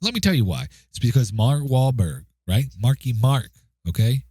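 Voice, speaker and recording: A man's voice: medium pitch, sing-song, normal speed, dark tone, slightly rough, dry recording. A man giving a casual spoken movie review, chatty and checking in with the listener as he goes. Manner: chatty, keeps asking "okay?" and "right?".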